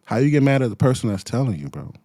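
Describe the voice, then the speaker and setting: A man's voice: medium pitch, big pitch swings, rapid-fire, dark tone, dry recording, clean studio sound. A man giving a heated, profane commentary rant full of slang, as the show's host. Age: adult with children. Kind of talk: ranting commentary.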